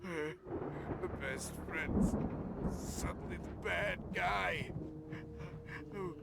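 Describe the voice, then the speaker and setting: An actor playing a rambling, panicky small-town man in a game, with a drawling, gravelly delivery. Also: sits high, very slow, very noisy, full character voice. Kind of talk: game voice acting.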